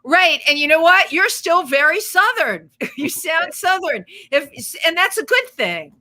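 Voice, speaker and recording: A woman from the Bronx, co-hosting a casual talk show, animated and quick to jump in. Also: very high voice. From the Bronx, New York. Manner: animated, quick, exclaiming, interrupts playfully. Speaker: co-host. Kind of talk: casual chat.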